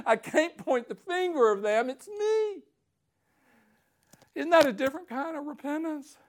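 A man preaching a sermon, reading scripture aloud with slow emphasis and swinging from hushed tones to near-shouting fervor. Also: extremely high pitch, expressive.

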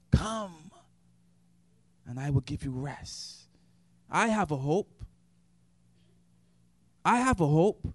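A man preaching an impassioned sermon, swinging between shouted praise and hushed, quiet passages. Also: sits high, no echo, studio quality.

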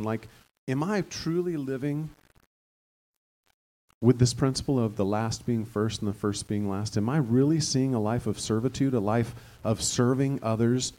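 A man's voice: medium pitch, dark tone. Male pastor, mid-range voice, casual conversational sermon with bursts of fervor. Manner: conversational, rising to fervent emphasis.

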